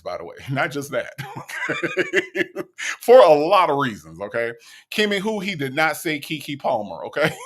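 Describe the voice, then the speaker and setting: A man's voice: a little high, a bit bright. A man hosting an online show, reacting to a clip with teasing, incredulous commentary and reading out viewer comments. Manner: incredulous, teasing, reading chat names aloud. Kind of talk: casual commentary.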